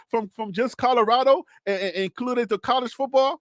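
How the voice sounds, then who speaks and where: His voice is very high, fairly quick and has few pauses, recorded dry with studio quality. A Liberian-accented man, he hosts a live college sports stream, chatting animatedly with viewers, answering their comments, laughing a lot and talking to himself.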